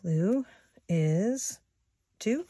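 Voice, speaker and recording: A woman in her sixties, a savings vlogger, chatting softly and unhurriedly to her viewers as she works through savings challenges at home. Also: mid-range voice, animated, noisy background. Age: 60s. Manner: soft-spoken, unhurried, talks to viewers as guys. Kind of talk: slow casual commentary while doing savings challenges. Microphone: phone or camera close on a table.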